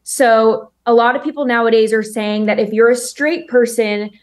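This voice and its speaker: A woman with a fairly high voice co-hosting a talk show. She talks in an upbeat, friendly, casual way. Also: fairly even intonation, moderate pace. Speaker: co-host. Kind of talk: casual chat.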